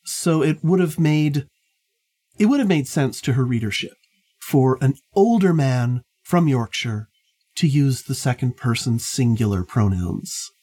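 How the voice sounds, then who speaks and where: A woman's voice: rumbling low, expressive, a little slow, warm tone. A woman hosting a casual book discussion, explaining points at length with many fillers. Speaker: podcast host.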